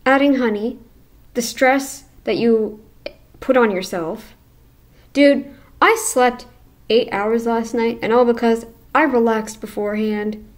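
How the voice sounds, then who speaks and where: A woman's voice: on the high side, fairly even intonation, slow pace. A woman hosting a reaction channel, talking back at a video with blunt, sarcastic commentary.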